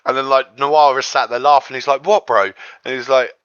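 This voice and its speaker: A man's voice: mid-range voice, little pitch movement, a little fast, fairly bright tone, smooth, no echo, lo-fi sound. A man hosting a podcast, chatting casually and rambling, acting out quotes in a raised voice. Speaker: podcast host. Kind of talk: casual chat.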